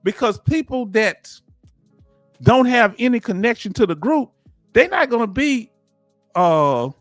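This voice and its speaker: A man with a Southern US accent hosting a casual livestream, talking in an animated, preachy way and firing off rhetorical questions to his viewers. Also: very high-pitched, unhurried, dry recording, faint music behind. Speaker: livestream host.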